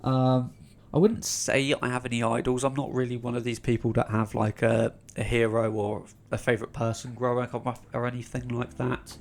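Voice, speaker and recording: A young man with a North London accent hosts a casual Q&A vlog on his YouTube channel. His mid-range voice stays level at a moderate pace while he chats and rambles, full of ums and restarts.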